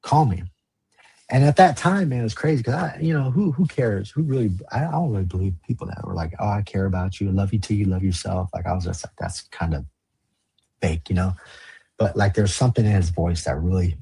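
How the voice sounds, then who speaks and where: A man's voice: lowish voice, fast, gravelly, dark tone, husky. A man telling his life story as a podcast guest, blunt and profane, acting out past conversations in quoted lines. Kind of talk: candid storytelling in a podcast interview.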